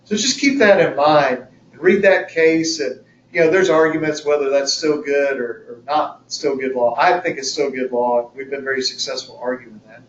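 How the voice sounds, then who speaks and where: A man's voice: medium pitch, normal speed, slight background noise. A man presenting a legal webinar in a conversational, folksy way, acting out courtroom examples as he explains the rules. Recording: echoey room, distant mic, dull lo-fi.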